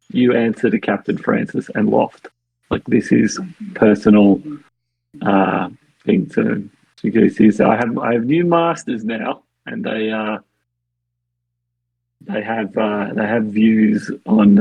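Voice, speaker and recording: A man narrating as game master, halting and full of fillers, often laughing. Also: fairly low pitch, vocal fry, slightly rough, dry recording, narrow, tinny audio.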